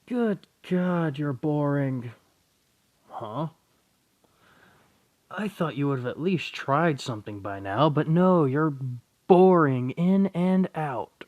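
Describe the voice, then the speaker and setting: A man voicing a scornful, cruel young woman who taunts and curses in a raised, louder voice while telling a story. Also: mid-range voice, big pitch swings, slow, narrow, tinny audio. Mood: contemptuous. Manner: sneering, taunting, profane.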